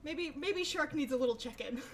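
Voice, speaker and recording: A woman's voice: high voice, expressive, moderate pace, a little hiss or hum. A young woman chatting casually with her stream viewers, rambling and swearing freely. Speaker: livestreamer.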